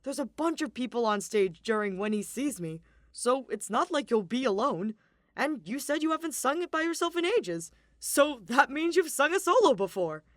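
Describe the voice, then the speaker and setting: Upbeat, booming stage manager man, read by a woman narrator, lively pitch. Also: moderate pace, no room sound, clean studio sound. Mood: cheerful. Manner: loud, upbeat. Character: cheerful hearty male stage manager, easygoing.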